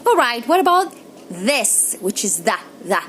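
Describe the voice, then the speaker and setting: A woman teaching English pronunciation, repeating example words slowly and carefully. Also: on the high side, big pitch swings, a bit bright, slight background noise, low-quality recording. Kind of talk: pronunciation lesson.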